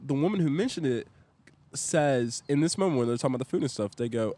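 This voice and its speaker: A young man tells a story as a podcast guest, in a loose and chatty way. He gets animated and acts out each quoted line as he goes. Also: mid-range voice, a little fast. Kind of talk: casual storytelling.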